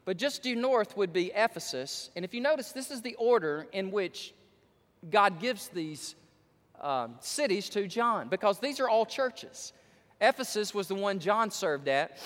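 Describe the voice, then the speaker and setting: High-voiced preaching man in a reverberant hall. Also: a bit bright. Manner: emphatic preaching, stretching key words. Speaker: pastor. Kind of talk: sermon.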